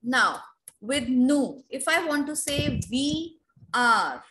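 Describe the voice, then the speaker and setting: A woman with an Indian accent teaching a French class online, repeating drills slowly for students to echo over a video call. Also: high-pitched, lively intonation, pushed and bright. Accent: Indian English.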